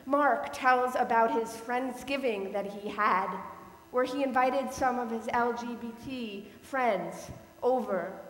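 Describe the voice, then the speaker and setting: A woman pastor delivering a sermon, telling a story in a slow, measured way. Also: on the high side. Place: church sanctuary. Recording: echoey hall with long reverb and faint hum.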